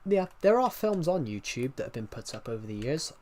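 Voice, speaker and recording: A man's voice: mid-range voice, very animated, a little fast, a little mellow. A young British man chatting casually on a livestream, rambling with many restarts and answering viewer comments. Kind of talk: casual stream chat.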